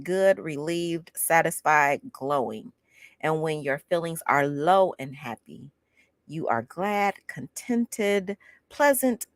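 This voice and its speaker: A woman reads from a self-help book, dropping sassy, chatty asides as she goes. Her voice sits a little low yet swings up and down a lot. It is recorded close and dry, with no room sound. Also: no room sound. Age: 50s. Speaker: book club host reading aloud. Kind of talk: casual reading with commentary.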